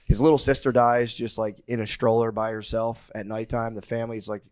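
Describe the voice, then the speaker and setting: Fast-talking, slangy male podcaster. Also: medium pitch, flat delivery, darkish tone, smooth. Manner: fast, slangy storyteller full of "like". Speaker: podcast co-host. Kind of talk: casual comedic chat.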